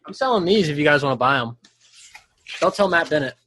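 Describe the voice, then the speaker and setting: High-voiced man telling a wild story. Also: a little fast, husky. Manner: animated, swears a lot, laughs mid-sentence. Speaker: podcast guest. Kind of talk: casual storytelling chat. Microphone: studio microphone.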